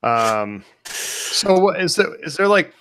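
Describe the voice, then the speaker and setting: Cohost guy asking questions, laughs a lot, lively pitch. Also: slow pace, slight background noise. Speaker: podcast co-host. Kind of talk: casual podcast chat.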